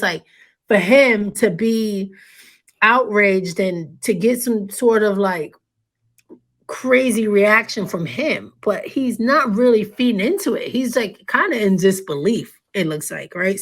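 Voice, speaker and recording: A woman's voice: medium pitch, fairly bright tone. Woman casually reacting to messages. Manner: casual, hesitant, repeats words while thinking aloud. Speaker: commentary YouTuber. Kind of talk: reading messages aloud and reacting.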